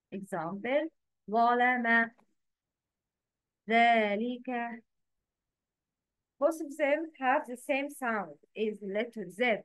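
A woman teaching letter pronunciation in a slow, patient lesson, repeating each word for the learner to echo. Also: fairly high pitch, fairly bright tone.

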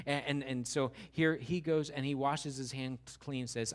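A man's voice: medium pitch, fairly even intonation, normal speed, hardly any pauses. A man preaching a sermon as a pastor, emphatic and full of rhetorical questions, repeating phrases for weight.

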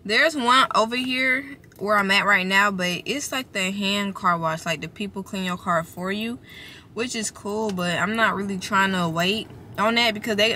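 A young woman vlogging casually to camera from inside her parked car, chatty and expressive, swearing freely and talking to her viewers as y'all. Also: medium pitch, moderate pace, slight background noise. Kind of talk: casual vlog talk to camera.

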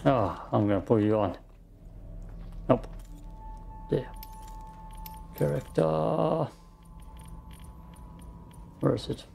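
Male game streamer, gravelly and unhurried, relaxed play-by-play. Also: on the low side. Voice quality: gravelly morning voice. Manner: slow, calm, thinks out loud. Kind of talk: casual gameplay commentary.

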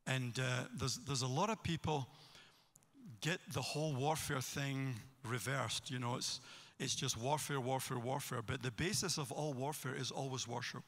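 Scottish pastor preaching, bright and echoing. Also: male voice, mid-range voice, moderate pace. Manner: animated preaching with storytelling. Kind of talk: sermon. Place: church hall. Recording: long hall reverb.

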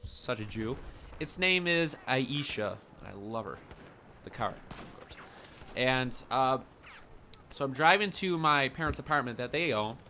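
A man's voice: mid-range voice, lively intonation, unhurried, bright, forceful tone, a little hiss or hum. A young man rambling crudely in a casual vlog, joking and mocking himself. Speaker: YouTuber.

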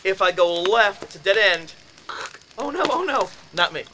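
A man giving a storytelling lecture, animated and acting out the dialogue as he goes. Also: sits high, moderate pace, a little hiss or hum, rough recording. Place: lecture room.

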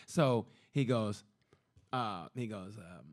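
A man's voice: mid-range voice, lively intonation, fast talker, fairly bright tone. A man co-hosting a podcast, telling a story in casual chat and acting out each person's lines as quoted dialogue. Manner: acts out both sides of a story in quoted dialogue. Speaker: podcast co-host.

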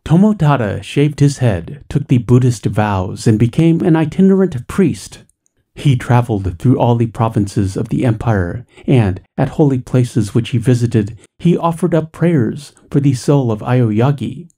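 Male narrator, ghost story reading, measured and dramatic, dark mellow voice, mid pitch. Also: lively intonation. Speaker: story reader.

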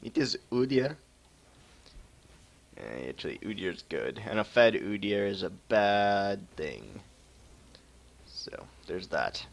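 A man's voice: low voice, very animated, slow, gravelly. A man casually commenting on his own match while streaming, joking and laughing often as he plays at home. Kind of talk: casual live game commentary. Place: home room with keyboard typing.

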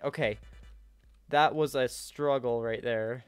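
A young man giving live gameplay commentary, swinging between yelling in frustration and quiet muttering to himself. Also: medium pitch, measured pace, no room sound, faint music behind. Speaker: gaming YouTuber.

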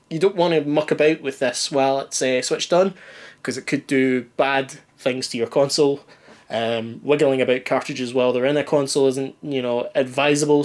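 Anxious man, rambling and self-deprecating, home demo video, filled with ums. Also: fairly high pitch. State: anxious, stutters. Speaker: retro gaming youtuber. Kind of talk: casual hands-on demo.

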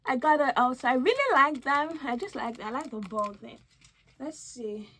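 Bubbly high-voiced young woman vlogging. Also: moderate pace. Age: young adult. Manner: bubbly, gushing, squeals with excitement. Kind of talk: casual haul vlog. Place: at home.

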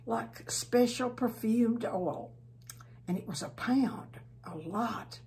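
Gravelly-voiced woman telling a Bible story. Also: medium pitch, slight background noise. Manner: gentle storytelling, often dropping to a soft hush. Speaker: Sunday school teacher.

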